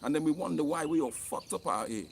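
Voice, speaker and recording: A man's voice: a little high, expressive, fast, creaky, a little hiss or hum. A man, an author and online commentator, delivers an impassioned rant to camera that is blunt, profane and heated, often jumping up in emphasis.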